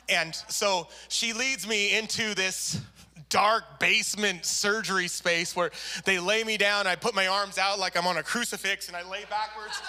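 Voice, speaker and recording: A male pastor tells a personal story in a sermon, animated and expressive. His voice sits high for a man and sounds very bright and forward. He slips into quoted voices as he goes. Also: normal speed, clean tone. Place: church service.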